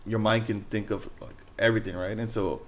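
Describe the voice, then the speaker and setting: A young man with a fairly low voice talks in a loose, rambling way on a podcast. He swears freely and drops "bro" and "dude" into nearly every sentence, and his story drifts as he goes. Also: flat delivery, fairly quick. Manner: rambling, laid-back, swears a lot, says "bro" and "dude". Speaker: podcast co-host. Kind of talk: casual chat.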